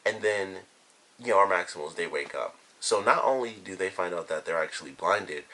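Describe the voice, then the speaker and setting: A man's voice: sits low, normal speed, pushed and bright. A man giving a casual spoken review of a cartoon episode, retelling scenes in a loose, rambling way full of "like" and "you know". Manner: rambling, filler-heavy retelling.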